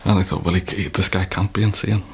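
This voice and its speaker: An Irish man recalling his time as a hostage in a measured, storytelling interview with wry humour. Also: sits low, darkish tone, a little hiss or hum. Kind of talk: reflective interview recollection.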